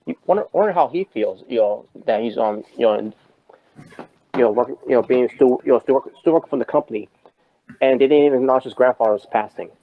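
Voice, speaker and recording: A man's voice: mid-range voice, fast talker, warm tone, poor audio. A man co-hosting a podcast, rambling in casual wrestling talk with many restarts and fillers. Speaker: podcast co-host.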